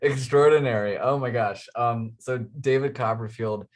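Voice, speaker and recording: A man's voice: mid-range voice, moderate pace. Enthusiastic man telling stories. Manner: enthusiastic, laughs often, frequent um and uh. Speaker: interview guest, inventor. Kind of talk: casual storytelling.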